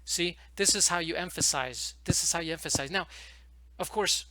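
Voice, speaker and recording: A man teaching how to run an online English lesson, talking fast and emphatically and acting out classroom phrases. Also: a little high, sharp tone, low-quality recording. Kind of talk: instructional talk to camera.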